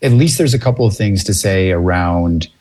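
Low husky-voiced male host, relaxed and rambling, call-in radio. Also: normal speed. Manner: laid-back, searching for words. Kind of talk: casual radio talk. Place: remote location away from studio.

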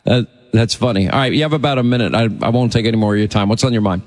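Brisk male talk radio host. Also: medium pitch, big-room sound. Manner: brisk, chatty, interrupting.

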